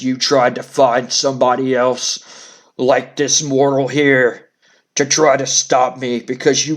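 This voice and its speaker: A man voicing a brooding, vengeful undead-style wrestler, speaking slowly and ominously. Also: mid-range voice, pitched below the performer's own voice. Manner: slow, ominous, vengeful speech.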